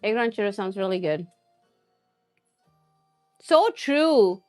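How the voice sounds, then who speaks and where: A woman's voice: mid-range voice, animated, takes it slowly, faint music behind. A woman hosting a cooking live stream, chatting casually and answering viewer comments with frequent laughs. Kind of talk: casual chat while cooking.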